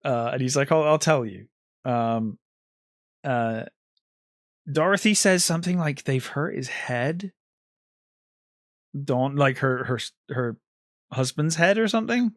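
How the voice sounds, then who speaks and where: A man's voice: mid-range voice, animated, takes it slowly, pauses often, dry recording. Man recapping a film, dry close sound. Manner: retells scenes with quoted lines, frequent ums. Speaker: podcast co-host. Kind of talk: casual film discussion.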